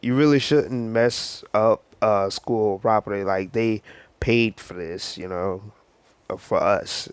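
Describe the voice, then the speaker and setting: A man's voice: lowish voice, slow pace, clear, resonant tone, no echo. A man voicing a strict, uptight teenage boy who scolds his classmates. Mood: scolding. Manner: stiff, scolding.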